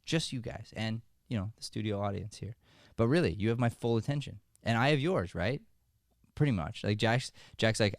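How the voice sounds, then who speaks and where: A male acting coach hosting a motivational podcast. He talks energetically and jokes with the people in the room. His voice sits on the low side, and the recording is dry and close. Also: normal speed, dry recording. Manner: energetic, joking, conversational.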